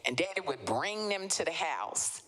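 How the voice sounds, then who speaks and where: A woman from the American South, an author telling stories in conversation at a live literary event, animated and acting out the voices of people she quotes. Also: deep voice, moderate pace. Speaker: author guest. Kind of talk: conversational storytelling.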